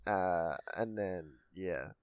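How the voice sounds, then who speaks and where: A man's voice: low voice, drawn-out words, smooth, no room sound, muffled recording. A man co-hosting a podcast, casually recapping a movie and swearing freely. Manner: laid-back, swears often, acts out quotes. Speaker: podcast co-host.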